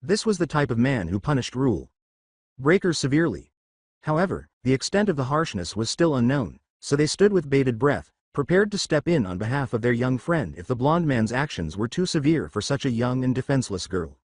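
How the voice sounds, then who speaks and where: A man narrating a fan fiction story with steady storytelling. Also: medium pitch, a little fast, slightly rough, no echo, studio quality.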